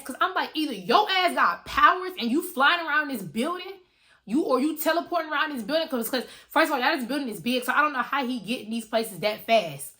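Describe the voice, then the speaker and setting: Bright, animated young woman telling a story. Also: fairly high pitch. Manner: animated, profane, addresses viewers as "y'all". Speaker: storyteller vlogger. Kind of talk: casual storytime.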